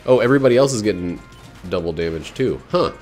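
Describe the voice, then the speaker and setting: A man chats loosely over his own gameplay, cracking jokes and rambling from one thought to the next. His voice sits low but swings widely in pitch, jumping into sudden excited yelps. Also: quick pace, soft background music. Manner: rambling, jokey, excitable outbursts. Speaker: game streamer. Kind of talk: casual let's-play commentary.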